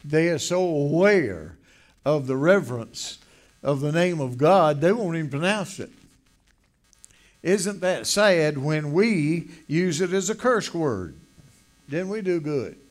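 A man's voice: on the high side, animated, takes it slowly. An older man preaching a folksy sermon, acting out the voices of the people in his stories.

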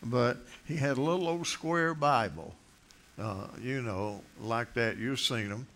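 A man's voice: mid-range voice, measured pace, fairly bright tone. Folksy older preacher man. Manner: rambling, joking, with many uh fillers and restarts. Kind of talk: folksy sermon.

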